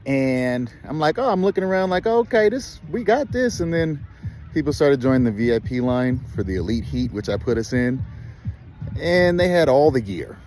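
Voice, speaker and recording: A man's voice: medium pitch, darkish tone, slight background noise. A man hosting his vlog, telling his story with self-deprecating humor, outdoors at an obstacle race. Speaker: coach and vlog host. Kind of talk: casual vlog commentary. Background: music playing nearby.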